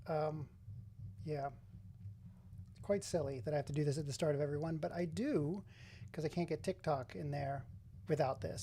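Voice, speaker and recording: A man's voice: a little high, creaky, dark tone, a little hiss or hum. A man hosting a casual live stream, chatting to viewers and greeting them by name. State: runny nose. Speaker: livestreamer.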